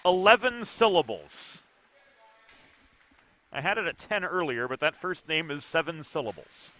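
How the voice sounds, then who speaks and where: Give me a man calling hockey play-by-play, brisk and exact, with a bright ringing tone. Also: fairly high pitch, expressive. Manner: brisk, precise play-calling, dry asides. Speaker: play-by-play commentator. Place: ice arena broadcast position.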